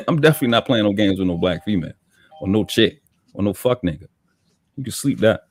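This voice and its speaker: A man's voice: fairly low pitch, animated, fairly quick, slightly rough. A man with a Baltimore accent ranting with heavy profanity as a guest in a livestream talk. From Baltimore, USA. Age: adult with children. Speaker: podcast guest.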